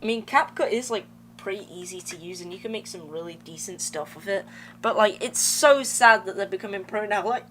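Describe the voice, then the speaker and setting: Her voice is medium-pitched, a bit bright and a little fast as this young woman streams a game and talks to chat. She's slangy and rambling, with game music and slight background noise in the mix.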